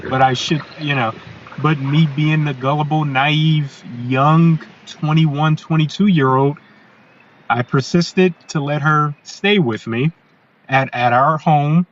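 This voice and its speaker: A man telling his own story as a podcast guest. He talks in a halting conversational way, restarting and repeating words. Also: fairly high pitch, fairly even intonation, highs cut off, slight background noise.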